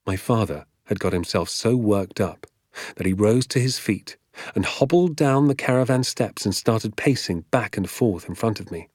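Measured man narrating a storybook. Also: fairly low pitch, expressive, a little mellow, dry recording, clean studio sound. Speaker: audiobook narrator. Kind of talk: scripted narration.

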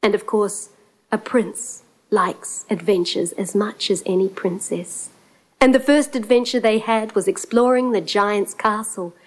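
A woman's voice: mid-range voice, a little slow, rough recording. A woman telling a folk tale aloud, dramatic and rhythmic, dropping into whispers at tense moments, with guitar music behind. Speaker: storyteller. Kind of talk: oral storytelling.

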